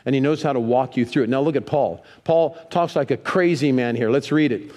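A man preaching a sermon in a church, lively, leading the congregation in reading scripture aloud. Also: mid-range voice, brisk, few pauses. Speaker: pastor. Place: church sanctuary. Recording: long reverb of a church hall.

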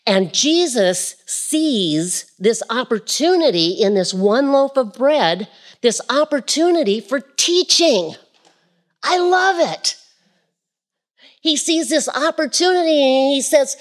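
A woman preaching a Pentecostal sermon, expressive, swinging from shouts to quiet asides. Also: high-pitched, slow pace.

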